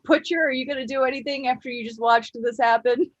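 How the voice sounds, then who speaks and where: Brief: breathy, fairly high female game master, brisk. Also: steady tone, dry recording, muffled recording. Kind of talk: running a tabletop game.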